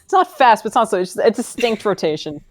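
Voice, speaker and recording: A woman's voice: medium pitch, big pitch swings, quick pace, slight background noise. A woman narrating a tabletop game as game master, casual and playful, laughing often.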